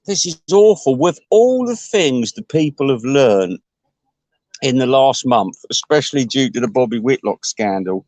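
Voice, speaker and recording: A man's voice: mid-range voice, sing-song, a little slow, a little mellow, no echo. A man delivering a crude, rambling comic rant, full of restarts and asides.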